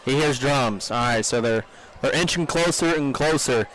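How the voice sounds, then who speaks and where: A man's voice: medium pitch, normal speed, a bit bright. A young man co-hosting live parade coverage outdoors, giving brief upbeat replies and announcer-style sponsor reads. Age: young adult. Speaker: parade co-host.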